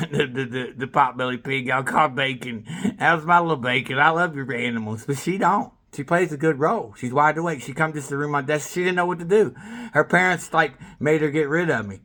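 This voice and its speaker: A man with a somewhat high-pitched voice rambling in an unscripted monologue to camera. He jumps from thought to thought and breaks off mid-sentence. He speaks straight to people by name. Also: fairly quick, bright, forceful tone. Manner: jumpy, trailing off mid-sentence.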